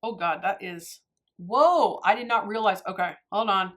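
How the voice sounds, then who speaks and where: A woman films a casual makeup tutorial and chats straight to her viewers. She rambles from product to story, pokes fun at herself, and laughs easily, at a medium pitch for a woman. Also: normal speed, fairly bright tone. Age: adult, married. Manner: chatty, rambling, self-deprecating, laughs often. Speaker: beauty YouTuber.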